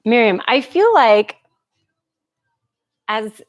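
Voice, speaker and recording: A woman's voice: a little high, expressive, drawn-out words, dull audio. A woman instructor chatting casually with viewers before a live movement class, laughing often and greeting people by name. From United States.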